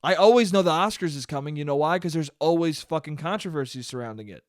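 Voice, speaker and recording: A profane young man rants solo on his podcast, his voice a little high and fast, recorded in studio quality with no echo. He is animated, calls listeners "dude," and checks the levels on his studio mic.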